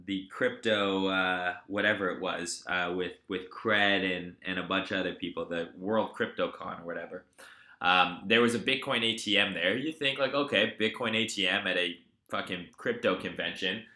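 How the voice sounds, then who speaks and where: A man's voice: low-pitched, moderate pace, roomy sound. A man hosting a live crypto trading stream, chatting casually and telling stories with a lot of swearing. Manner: profane, animated storyteller.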